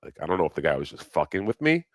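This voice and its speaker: Man, deep voice, dry close sound, casual livestream host, profane and laughing. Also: big pitch swings, racing, dry recording. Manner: profane, laughs often, rambling. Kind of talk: casual live chat.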